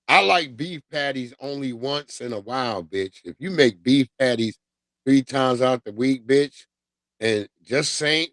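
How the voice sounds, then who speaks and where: A middle-aged man hosting a casual livestream, ranting in a loose, profane, animated way and laughing often. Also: medium pitch, dry recording. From New York. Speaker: livestream host.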